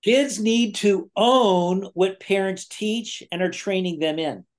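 A man's voice: high-pitched, slow. Earnest middle-aged man explaining. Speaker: guest parenting speaker. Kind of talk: explaining a point in a podcast conversation.

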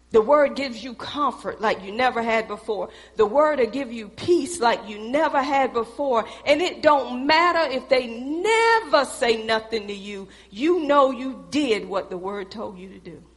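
A woman's voice: a little high, a bit bright, long reverb tail. A woman preaching a sermon in a church, talking straight to the congregation in a conversational, emphatic way.

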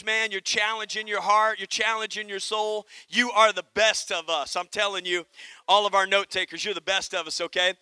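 A man preaching a sermon with lively energy, telling jokes and calling on the congregation for amens. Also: high voice, clear, resonant tone, no room sound. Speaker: pastor.

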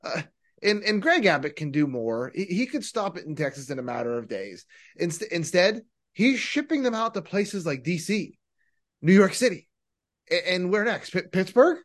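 Podcast dude rambling about politics, lots of stop-start, pitch jumps around. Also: male voice, big pitch swings. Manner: rambling, halting restarts, rhetorical questions. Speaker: podcast co-host. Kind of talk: casual political talk.

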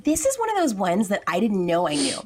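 Lively laughing woman hosting a chat. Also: mid-range voice, a little fast. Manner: laughs often, playful and animated. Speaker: podcast host. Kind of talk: casual chat.

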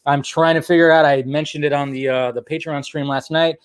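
Guy rambling on his live stream, kinda high voice, lots of ums and restarts. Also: steady tone, fairly quick, smooth. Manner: rambling, self-deprecating, lots of fillers and restarts. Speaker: solo host of a film news show. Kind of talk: casual live-stream chat.

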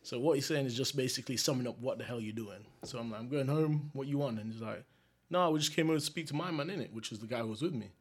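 A man's voice: mid-range voice, fast talker, breathy edge. A young adult man from England, a guest telling a story in a casual, slangy, laid-back way and laughing often.

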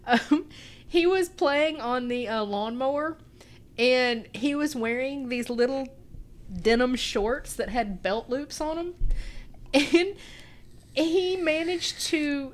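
A middle-aged woman chatting on a podcast, her voice sitting a little high and swinging widely as she tells stories. She laughs her way through them in an easygoing, casual manner. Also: slow. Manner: animated storytelling, breaks into laughter. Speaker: podcast co-host. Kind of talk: casual chat.

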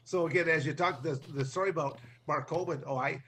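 A man's voice: on the high side, fast, a bit bright, slight background noise. A man co-hosting a podcast, talking casually and repeating words as he gathers his thoughts. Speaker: podcast co-host. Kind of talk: casual chat.

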